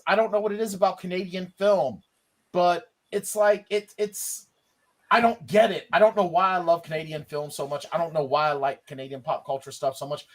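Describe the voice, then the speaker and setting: A man co-hosting a podcast, chatting enthusiastically about films and rambling a little with fillers. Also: sits high. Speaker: podcast co-host. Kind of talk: casual film review chat.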